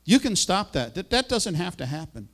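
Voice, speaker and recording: A man's voice: sits high, very animated, normal speed, a bit bright. A man preaching a sermon with fervent, rising and falling emphasis, now and then asking for the next slide.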